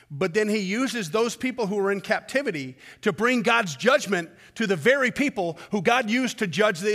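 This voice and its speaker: High bright-voiced guy preaching in a big echoey hall, gets loud then goes quiet and pleading. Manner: impassioned, rising to loud peaks then dropping low and intimate. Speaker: pastor. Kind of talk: sermon.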